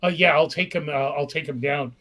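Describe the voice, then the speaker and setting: A man's voice: on the high side, fairly even intonation, a little fast, sharp tone. A man playing in a tabletop game, engaged and declaring his character's actions in first person. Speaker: player. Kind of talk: tabletop role-play, speaking as his character.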